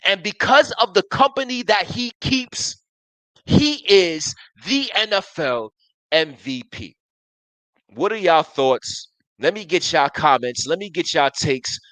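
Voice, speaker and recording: A man's voice: fairly high pitch, a bit bright, dry recording, low-quality recording. A man in his thirties hosting a live sports talk show, arguing emphatically and restarting his sentences as he reads viewer comments. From Buffalo area, US. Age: 30s.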